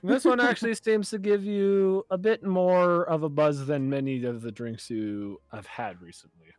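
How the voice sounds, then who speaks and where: A man narrating a tabletop game as game master, relaxed and hesitant, with fillers. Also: high voice, normal speed, smooth, no echo.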